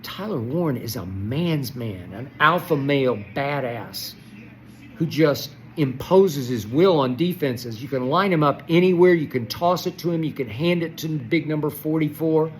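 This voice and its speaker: A man's voice: a little high, expressive, moderate pace, a little hiss or hum, rough recording. Impassioned older man ranting about football. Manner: impassioned, swings between shouting and soft muttering. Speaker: sports commentator host. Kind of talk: solo sports rant to camera.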